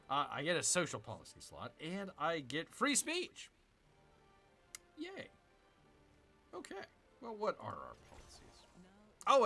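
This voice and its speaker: Bright, lively man grumbling through a game. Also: fairly high pitch, husky. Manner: jokey, grumbling, mock growls. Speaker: gaming channel host. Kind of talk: casual strategy game commentary.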